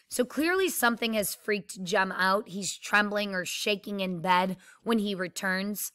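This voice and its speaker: Teacher type reading a novel aloud with commentary; bright, dry, steady. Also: female voice, mid-range voice, unhurried, few pauses, no room sound. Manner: steady reading, casual explaining afterward.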